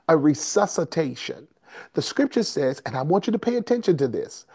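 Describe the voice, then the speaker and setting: A man preaching a sermon in a slow, rhythmic cadence, repeating and building phrases. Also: on the high side. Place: service streamed over video call and conference line.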